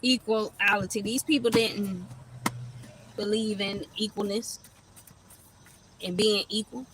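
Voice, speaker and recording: A woman's voice: medium pitch, steady tone, slow pace, a bit bright, a little hiss or hum, low-quality recording. A woman giving a casual livestream tarot reading, rambling and profane, laughing as she tells stories. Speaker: tarot reader.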